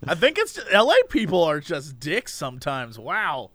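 A young man co-hosting a podcast in casual chat, an animated storyteller who slips into quoted voices. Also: on the high side, normal speed, no room sound. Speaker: podcast co-host. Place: Los Angeles area.

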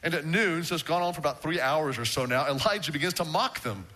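A man preaching a sermon as pastor, animated, often restarting on a repeated word. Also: on the high side, fast talker, hardly any pauses.

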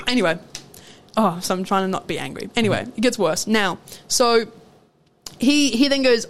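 A young woman co-hosting a podcast, telling a work story in a casual, animated way and laughing often. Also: fairly high pitch, a little fast. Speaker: podcast co-host. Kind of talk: casual chat.

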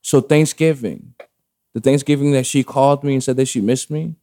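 A mellow, mid-range male voice at a moderate pace. The man is a podcast guest in a relaxed conversation, telling a long, meandering personal story full of fillers and swearing.

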